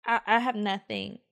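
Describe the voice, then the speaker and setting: Bright, blunt-talking woman host. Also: medium pitch. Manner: blunt, teasing reactions. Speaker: podcast host. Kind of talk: casual chat.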